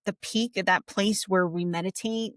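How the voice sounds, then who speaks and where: Expressive woman in her forties, dry sound. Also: mid-range voice, normal speed, dry recording. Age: 40s. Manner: expressive, animated storyteller. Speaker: podcast co-host and coach. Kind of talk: casual conversational podcast.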